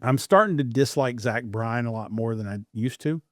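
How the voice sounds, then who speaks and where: A man's voice: mid-range voice, dry recording. Opinionated man talking casually, dry mic. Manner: measured, opinionated, with frequent restarts. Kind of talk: casual chat.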